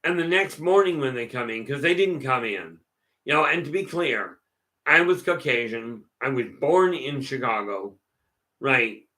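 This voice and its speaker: A man's voice: mid-range voice, lively intonation, measured pace, sharp tone. A man hosting a casual question-and-answer session, telling stories in a rambling way with many restarts. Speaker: host answering viewer questions. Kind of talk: casual live Q&A talk.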